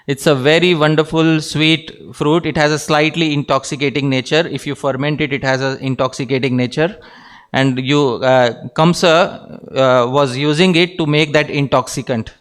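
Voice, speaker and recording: A man's voice: a little high, clear, resonant tone. A man giving a devotional scripture class, often asking his listeners questions and repeating a fond address to them, with light laughs between points. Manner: engages audience with questions, repeats "dear devotees".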